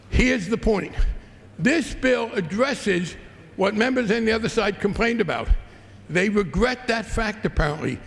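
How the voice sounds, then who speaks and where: A man's voice: sits high, vocal fry. A congressman giving a combative, sarcastic floor rebuttal in a large legislative chamber. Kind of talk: floor debate speech. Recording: long reverb of a large chamber.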